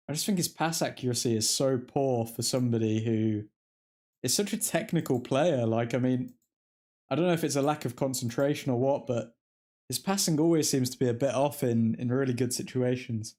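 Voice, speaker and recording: Live match commentary and fan chat come from a man hosting a football watchalong, responding to the game as it happens and talking with viewers. His voice is mid-range and a little mellow.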